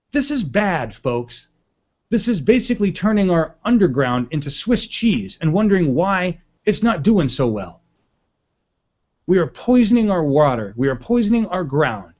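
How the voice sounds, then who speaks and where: An indignant man hosting a live news stream, ranting with rising outrage and the odd curse word. His voice sits a little high for a man. The audio comes through dull and muffled. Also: a little mellow. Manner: angry, indignant and profane, addressing viewers as folks. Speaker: livestream news show host.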